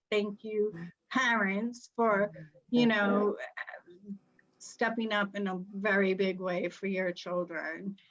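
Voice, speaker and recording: A woman's voice: fairly high pitch, dull audio. A middle-aged woman hosting a live online panel, talking in an upbeat, chatty way about spiritual ideas. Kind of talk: casual panel talk.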